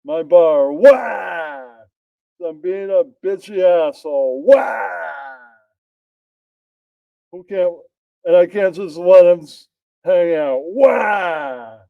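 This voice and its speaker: A man voicing a brash, blustering male bartender and bar owner who shouts at his customers. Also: high voice, steady tone, measured pace, clean tone, dry recording, narrow, tinny audio. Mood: ranting.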